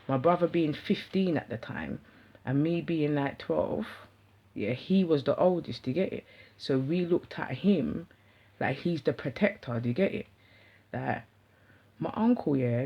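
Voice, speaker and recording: Young London woman vlogger, husky and slangy, on a dull lo-fi recording. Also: sits low. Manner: slangy, animated, rambling. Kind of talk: casual storytelling to camera. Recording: dull lo-fi sound.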